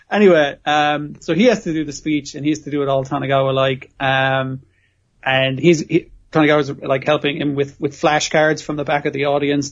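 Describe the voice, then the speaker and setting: This podcast co-host has a fairly high voice, and the recording sounds lo-fi. He rambles through a casual recap of an episode, swearing constantly and laughing often.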